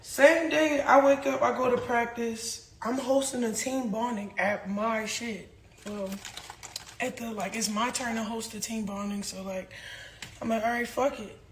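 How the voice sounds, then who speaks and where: A young woman with a high voice tears through a heated, swear-filled story. She acts out what others said as she goes, recorded in an echoey room with a faint hiss behind her. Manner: profane, rapid, animated, acts out quotes. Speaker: reality star telling her side.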